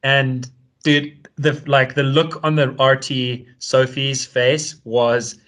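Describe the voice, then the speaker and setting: A man from South Africa co-hosting a casual discussion, chatty and quick, restarting sentences and laughing easily. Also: mid-range voice, flat delivery, a bit bright.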